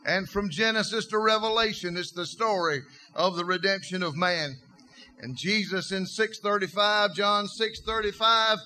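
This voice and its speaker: A man's voice: high voice, steady tone, moderate pace, sharp tone, a little hiss or hum. A man preaching a sermon, telling Bible stories in a folksy, emphatic way.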